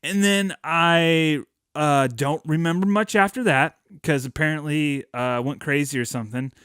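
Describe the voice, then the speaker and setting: A man's voice: fairly high pitch, measured pace, a bit bright, smooth, dry recording, clean studio sound. A man hosting a podcast, telling a rambling, profane childhood story with self-mocking jokes. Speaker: podcast host.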